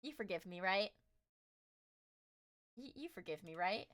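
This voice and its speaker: A young adult woman streamer chatting casually while reacting to videos, playful and loud, swearing and often shouting. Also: mid-range voice, lively intonation, unhurried.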